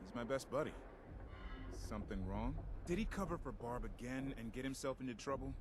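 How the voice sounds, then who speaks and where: A man's voice: mid-range voice, animated, a little fast, natural voice. An actor voicing an easygoing male card player who talks in chatty, defensive video game dialogue. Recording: game audio over music.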